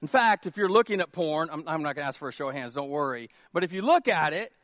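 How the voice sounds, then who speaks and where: Middle-aged male pastor, high voice, dry close sound, chatty sermon with punchy jokes and loud peaks. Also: expressive, quick pace, no room sound. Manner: joking, conversational preaching with rising emphatic peaks. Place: church sanctuary.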